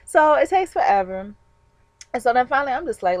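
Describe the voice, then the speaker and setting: A woman telling a story to her viewers in a casual, animated, chatty way, with frequent fillers and laughs. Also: high-pitched, brisk, dry recording. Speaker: vlogger.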